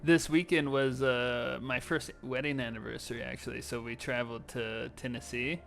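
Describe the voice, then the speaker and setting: A man hosting a casual gaming podcast, relaxed and quick to laugh. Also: mid-range voice, gravelly, soft background music. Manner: relaxed, laughs often, restarts sentences. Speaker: podcast host.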